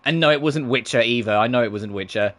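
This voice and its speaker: Brief: twenties guy, faint British accent, mid-pitched, loose rambling stream talk with plenty of swearing. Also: fast, a bit bright. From Britain. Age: 20s. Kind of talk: casual chat.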